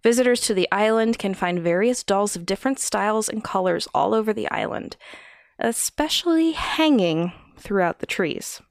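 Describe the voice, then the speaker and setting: Expressive and moderately paced, this medium-pitched woman's voice is recorded at studio quality with no room sound. She co-hosts a casual podcast, giggling frequently as she tells eerie stories.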